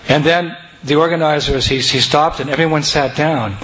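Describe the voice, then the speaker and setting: A man telling a personal devotional story to an audience, animated and breaking into chanting and joyful shouts. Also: fairly high pitch, normal speed. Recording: noisy recording.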